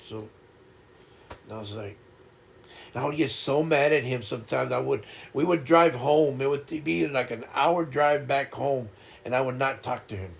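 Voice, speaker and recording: An older man hosts a casual livestream chat, speaking reflectively and haltingly and often repeating words as he starts over. His voice is mid-range and gravelly.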